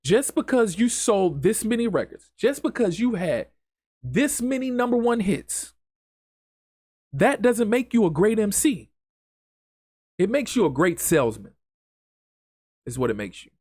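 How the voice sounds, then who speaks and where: A man's voice: high-pitched, sing-song, unhurried, long pauses, darkish tone, breathy edge, no echo, studio quality. Impassioned man ranting on a podcast. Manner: impassioned, repetitive, emphatic ranting. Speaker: podcast host. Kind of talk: solo podcast monologue.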